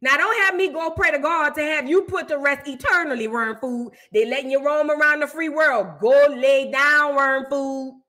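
A woman's voice: high-pitched, normal speed, hardly any pauses, sharp tone. A young adult woman hosting a celebrity gossip commentary stream, talking in a brash, profane, mocking way. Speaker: host reacting to celebrity news. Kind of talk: unscripted livestream commentary.

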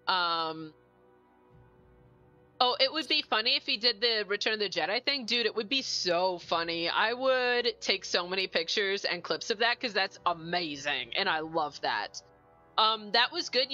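A woman livestreaming a board game in a bright, sharp voice that swoops up and down with every remark. She chats casually, fires off quick questions and teases herself. The audio is a little dull and lo-fi. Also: medium pitch, soft background music. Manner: animated, self-mocking, rapid questions. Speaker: streamer playing a board game. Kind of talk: casual live-stream chat.

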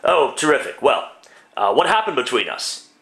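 A man's voice: mid-range voice, very animated, moderate pace, a bit bright, pitched below the performer's own voice. A man voicing a grumpy, whiny old miser, grumbling in a one-man comedic radio play. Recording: roomy echo, distant mic.

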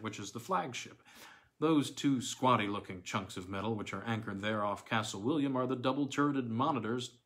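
A knowledgeable young soldier patiently lists and explains, as a man reads him. His voice is plain and mid-pitched. It is a storybook reading. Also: a bit bright, close to an everyday voice.

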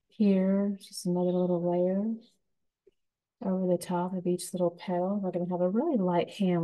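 A woman giving a gentle, unhurried step-by-step painting lesson as the instructor. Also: fairly low pitch, poor audio.

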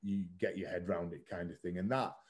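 Deep-voiced and fairly quick, with a steady tone, a thirty-something man tells his story as a podcast guest. He's candid and casual, swearing now and then and using "like" heavily.

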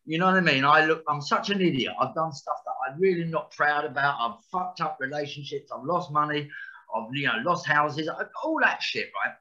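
Blunt, forceful man in his sixties. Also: on the high side, brisk, muffled recording. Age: 60s. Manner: blunt, frank, swears, restarts often. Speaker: actor guest. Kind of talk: candid podcast interview.

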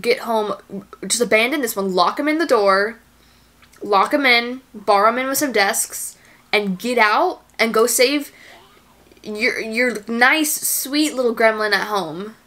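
A woman with a slightly high voice reacts to a movie in casual commentary. She exclaims and gasps at what happens on screen, worried and close to tears for the characters. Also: unhurried. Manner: excitable, gasping and exclaiming at the screen; anxious and tearful for the characters.

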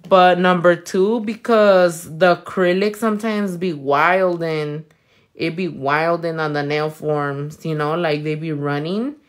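Playful, foul-mouthed Californian woman, low voice. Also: fairly even intonation, unhurried. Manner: playful, swears freely, mixes in Spanish. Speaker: nail technician. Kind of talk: casual chat while working, reading comments.

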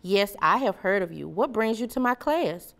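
A woman voicing a calm, caring female schoolteacher who is gently firm with children. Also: medium pitch, normal speed, creaky, pitched above the performer's own voice. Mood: curious.

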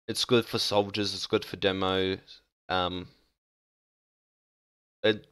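Halting, low-voiced young man. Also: fairly bright tone, smooth, no room sound, clean studio sound. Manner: hesitant, full of ums and restarts. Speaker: gaming video creator. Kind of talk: casual game map ranking commentary.

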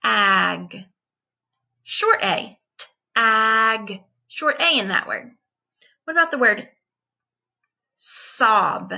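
A woman teacher giving a distance-learning phonics lesson to young children, repeating each word and sounding it out deliberately. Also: a little high, sing-song, creaky, bright, forceful tone, muffled recording.

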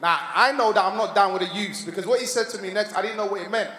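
A man's voice: sits high, fast talker, pushed and bright, slight background noise. A man performing a stand-up comedy set, telling stories with laughter and putting on voices. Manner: storytelling with laughs and put-on voices. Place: large hall on stage. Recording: echoey hall with long reverb.

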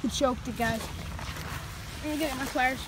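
A woman vlogging casually outdoors at a lake, chatty and excitable, with many fillers and a handheld camera. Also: high voice, moderate pace. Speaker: fishing vlogger. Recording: outdoor noise behind the voice.

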